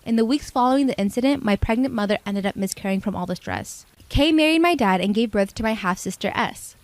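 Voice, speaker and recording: A woman in her twenties reading a confessional story in an even, steady way. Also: mid-range voice, fast talker, dry recording. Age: 20s.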